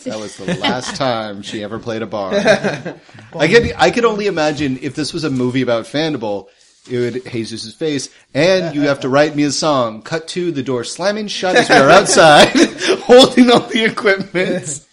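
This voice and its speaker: Player man, lively and joking, formal when in character. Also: a little high, moderate pace, crowd noise. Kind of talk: playing a paladin in a tabletop game.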